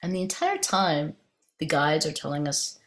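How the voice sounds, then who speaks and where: A woman's voice: low voice, very animated, moderate pace. A woman meditation teacher giving a dharma talk, telling a personal story in a conversational, meandering way with frequent restarts.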